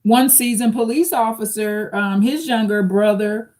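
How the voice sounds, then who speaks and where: Her voice on the high side, steady and darkish, a woman hosting a live stream reacts to an article at a measured pace. She reads quotes out loud and talks conversationally to her viewers, whom she calls "y'all."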